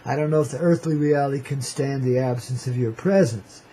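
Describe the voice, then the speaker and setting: A man's voice: mid-range voice, brisk, mellow, slightly rough, rough recording. A man hosting a radio show, rambling in a playful, slangy, cosmic way and calling listeners "baby". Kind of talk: freewheeling hippie radio monologue.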